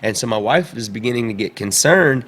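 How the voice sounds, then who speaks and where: Casual male podcast guest, thirties, mid-pitched, rambling storyteller. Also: expressive, fairly quick, fairly bright tone, a little hiss or hum. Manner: rambling, repeats words while telling a story.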